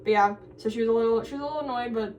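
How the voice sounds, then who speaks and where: A woman's voice: a little high, very fast, a little mellow, far from the mic, muffled recording, a little hiss or hum. A young woman in college chatting casually for her vlog, rambling with lots of fillers and restarts. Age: young adult. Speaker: college vlogger.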